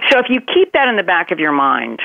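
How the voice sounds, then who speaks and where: An earnest woman speaking as a guest consultant, her voice with a gravelly edge. She talks reflectively and leans on repeated phrases to drive her point home. The sound is a dry, tinny phone line. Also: lowish voice, very animated, fast talker, dry recording. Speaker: guest consultant on crisis management. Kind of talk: podcast interview over phone.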